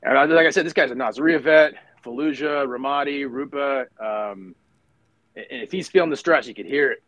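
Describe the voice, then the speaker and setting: A man's voice: medium pitch, brisk, fairly bright tone, no room sound, lo-fi sound. Man, middle-aged, veteran guest, casual storytelling, dry close sound, lots of restarts. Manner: conversational, many fillers and restarts. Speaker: guest, retired Marine officer. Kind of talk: casual war story told in conversation.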